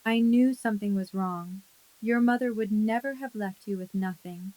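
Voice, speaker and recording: Woman reading as a rueful gentle aunt. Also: medium pitch, normal speed, no room sound, natural voice, low-quality recording. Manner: soft, rueful. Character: regretful middle-aged aunt, gentle.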